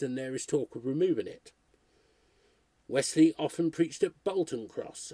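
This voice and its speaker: A man with a husky voice reading a history book aloud, steadily working through dates and places. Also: a little high, dark tone, no echo. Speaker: reader.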